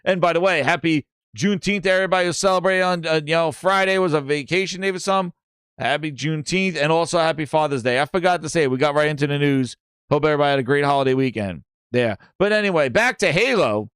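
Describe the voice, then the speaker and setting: A gaming podcast host with a fast, smooth, fairly bright voice on the high side rambles and mocks in casual chat on a gaming news show, restarting often. The studio-quality recording has no echo.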